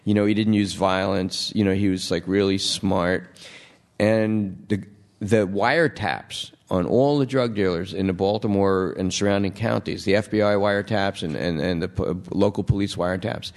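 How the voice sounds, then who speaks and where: A man who is a novelist and TV writer, telling an animated story as the guest at a live public talk, full of fillers, restarts and acted-out voices. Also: low voice, moderate pace. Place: stage at a public event before an audience.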